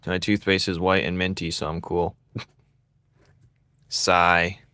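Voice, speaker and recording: A young man chats casually with viewers as he draws live, joking and teasing them between laughs. His voice sits a bit low but sounds bright and forward. The sound is dry and close. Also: little pitch movement, takes it slowly, dry recording. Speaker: streamer drawing live and reading chat. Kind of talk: casual livestream chat while drawing.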